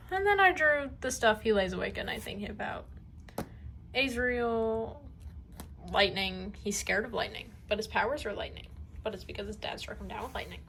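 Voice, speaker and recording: A woman's voice: medium pitch, expressive, moderate pace, creaky, fairly bright tone, slight background noise, poor audio. Gushing, rambling young woman. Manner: gushing, rambling, trails off into mumbles. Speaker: artist showing her sketchbook. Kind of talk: casual sketchbook tour.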